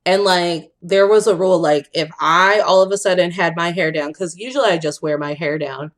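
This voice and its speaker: A chatty young woman, a podcast co-host, tells stories in casual conversation with a voice on the low side at a moderate pace. She's an animated storyteller who acts out quotes and laughs often.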